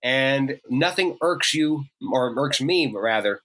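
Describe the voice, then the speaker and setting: Male podcast co-host, bright tense tone, wordy playful riffing. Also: mid-range voice, lively intonation, takes it slowly. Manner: wordy, playful, acts out bits. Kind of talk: casual chat.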